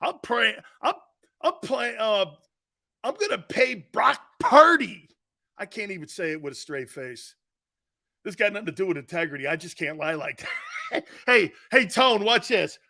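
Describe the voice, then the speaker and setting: A man's voice: sits high, expressive, normal speed, vocal fry, long pauses, sharp tone. A middle-aged man hosting a sports talk radio show, brash and mocking, talking back to his listeners. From United States.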